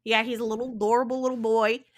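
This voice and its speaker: A woman co-hosting a podcast in casual chat, animated and playful, with dramatic asides. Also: fairly high pitch, quick pace. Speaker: podcast co-host.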